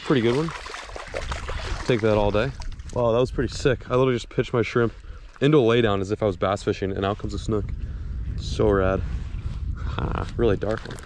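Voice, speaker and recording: A young man vlogging from a fishing boat outdoors, excited and slangy, laughing often as he talks. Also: fairly low pitch, a little fast, pauses often, background noise. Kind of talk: excited outdoor vlog chat. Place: boat on open water outdoors.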